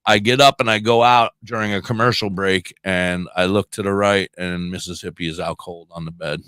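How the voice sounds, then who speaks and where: Casting: deep-ish middle-aged male radio host, rambling animated storyteller, dry close mic. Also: moderate pace, clear, resonant tone, no room sound. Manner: rambling, animated anecdotes with laughs. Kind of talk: casual storytelling chat.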